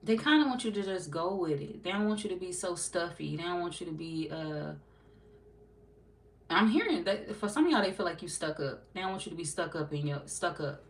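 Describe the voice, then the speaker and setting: A woman's voice: on the low side, brisk, slight background noise. A woman giving a casual, chatty tarot reading to her viewers, laughing often and slipping into playful quoted voices. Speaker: tarot reader.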